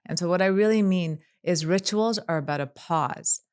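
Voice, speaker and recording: A woman clinical psychologist speaking as a podcast guest, calm and measured, running through long lists of examples. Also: lowish voice, smooth. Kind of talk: podcast interview.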